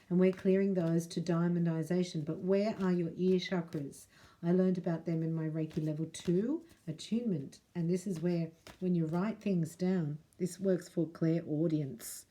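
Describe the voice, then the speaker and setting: A middle-aged woman gives a spiritual reading to camera, her voice low and warm. She chats straight to the listener in a casual way and slips into prayers read aloud. Her tone stays mellow and soft-edged throughout. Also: steady tone, moderate pace. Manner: chatty, addresses the viewer directly, reads prayers aloud. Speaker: spiritual reader and Reiki teacher.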